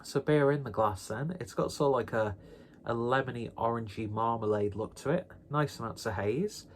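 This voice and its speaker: A man's voice: medium pitch, moderate pace, slight background noise. A man casually reviewing a beer on his vlog in a rambling, jokey, self-deprecating way.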